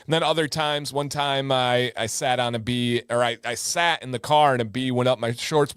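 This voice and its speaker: A man in his thirties hosting a casual livestream, chatting with viewers and telling stories with lively sound effects. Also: medium pitch, moderate pace, hardly any pauses, smooth, no room sound, clean studio sound. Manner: animated storyteller with sound effects. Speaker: livestream host.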